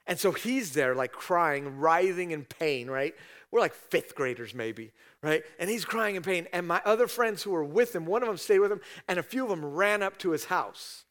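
A man's voice: high voice, lively intonation, normal speed, fairly bright tone. A middle-aged man, a pastor, preaching a sermon in a conversational storytelling way, often tagging "right?" onto his sentences.

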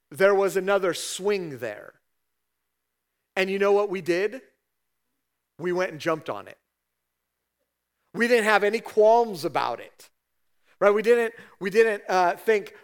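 A man's voice: high-pitched, clear, resonant tone. A middle-aged man, a pastor, preaching a sermon in a conversational storytelling way, often tagging "right?" onto his sentences.

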